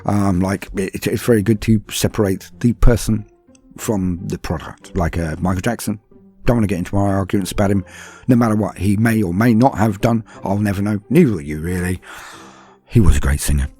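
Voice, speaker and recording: Faint music plays behind this British podcaster from London, whose lowish voice is brisk, mellow and a touch rough. In a relaxed Q&A he takes patron questions, chatting away with plenty of ums, asides and jokes at his own expense.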